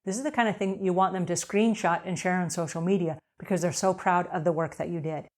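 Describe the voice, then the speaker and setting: A woman's voice: fairly low pitch, steady tone, fast talker. Upbeat, emphatic woman hosting an advice show. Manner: upbeat, emphatic, acts out quotes. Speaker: host answering cleaning questions. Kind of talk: energetic advice show talk.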